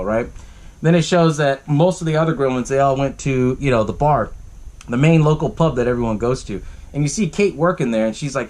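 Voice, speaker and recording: A man hosting a podcast, casually recapping a movie, swearing often and laughing along. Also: medium pitch. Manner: profane and laughing, lots of fillers. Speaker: podcast host.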